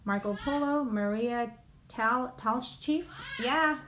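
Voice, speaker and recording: A woman with a fairly high voice talks her way through a casual livestream from home. She reads a list aloud in a chatty, self-deprecating way and keeps saying sorry for her pronunciation. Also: slow pace, a bit bright, a little hiss or hum. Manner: chatty, apologizes for mispronouncing names. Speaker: YouTube livestream host.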